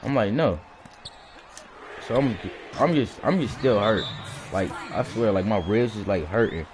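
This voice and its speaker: A man telling a personal story in a casual, animated way, often restarting his sentences and acting out the blows with sound words. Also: on the low side, unhurried, noisy background.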